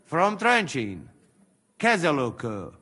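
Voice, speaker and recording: An actor playing a crude, wheedling mercenary who speaks broken English with a Slovak accent. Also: male voice, fairly high pitch, wildly swooping pitch, slow pace, pushed and bright, slightly rough, in a large hall, heavily acted. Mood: coaxing. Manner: broken English, coaxing, haggling.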